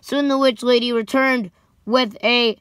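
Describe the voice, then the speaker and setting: A young woman reading a children's book aloud slowly, stumbling over names and dropping sarcastic asides. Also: fairly high pitch, fairly even intonation, a bit bright, clear, resonant tone, dry recording. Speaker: storybook reader.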